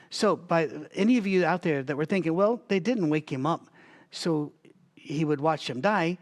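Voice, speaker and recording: Guy teaching bible study, kinda high voice, chatty, keeps coughing. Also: normal speed. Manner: chatty, thinks aloud with restarts and asides. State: has a recurring cough.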